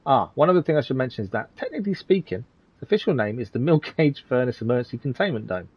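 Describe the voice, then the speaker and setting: A man's voice: medium pitch, lively intonation, fast, husky, dry recording, lo-fi sound. A man reading aloud the lines of a fussy, long-winded male scholar from a game, in a pompous, wordy manner. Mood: earnest.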